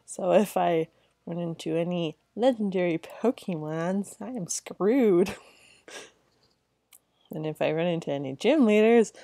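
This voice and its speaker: A woman's voice: fairly low pitch, a little slow, mellow, no room sound. A tired woman giving rambling, giggly commentary while playing a video game. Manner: giggly, rambling, talks to herself. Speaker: let's play gamer. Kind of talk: casual gameplay commentary.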